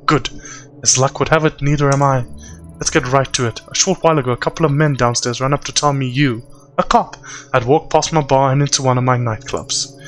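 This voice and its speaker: A man's voice: mid-range voice, steady tone, brisk, fairly bright tone, faint music behind, lightly acted. A man putting on a cold Russian-accented crime boss woman. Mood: cool menace. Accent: put-on Russian accent. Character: cold female yakuza boss, composed and menacing.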